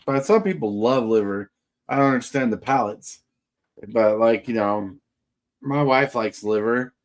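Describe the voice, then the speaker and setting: Man, livestream host, casual rambling chat, mid-pitched voice. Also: measured pace. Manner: rambling, chatty, greets chatters by name.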